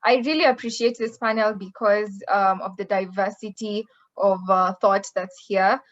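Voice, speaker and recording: A woman's voice: mid-range voice, steady tone, moderate pace. A woman moderating an online panel discussion, effusive and full of fillers. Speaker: webinar moderator. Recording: slightly dull lo-fi audio.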